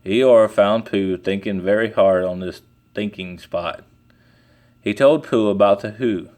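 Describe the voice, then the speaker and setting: A man reading a children's storybook aloud in a slow, deliberate way. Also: lowish voice, darkish tone. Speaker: storybook reader. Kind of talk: children's book read aloud.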